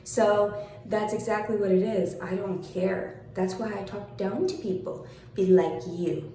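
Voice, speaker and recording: A woman ranting in a vlog, sarcastic and mocking, swearing and swinging between high taunts and low mutters. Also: fairly even intonation, a little slow, dark tone, slight background noise. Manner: sarcastic, mocking, calls the listener "honey". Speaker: vlogger. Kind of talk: angry vlog rant. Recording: very echoey room.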